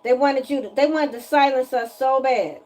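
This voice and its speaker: A woman giving a casual spiritual energy reading to viewers, animated and emphatic, often repeating her lines and slipping into slang. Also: high voice, moderate pace. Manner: animated, breaks into singing, emphatic and preachy.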